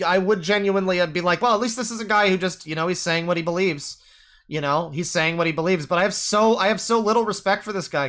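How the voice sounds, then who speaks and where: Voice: mid-range voice, fairly bright tone. A streamer reacting to a video during a live stream. The delivery is an exasperated, swearing rant, with many restarts and "like"s between points. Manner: profane, exasperated ranting.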